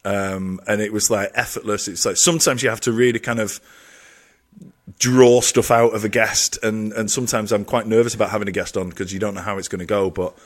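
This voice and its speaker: A man's voice: on the low side, steady tone, fairly quick. An English man co-hosting a podcast, chatting and teasing his co-host in casual banter. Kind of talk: casual chat.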